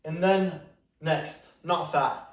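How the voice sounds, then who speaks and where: A man's voice: fairly high pitch, drawn-out words. A man giving dating advice as a coach in a blunt, emphatic monologue. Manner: blunt, emphatic, repeats "you better". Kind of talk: direct-to-camera advice monologue. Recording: roomy echo, mic at a distance.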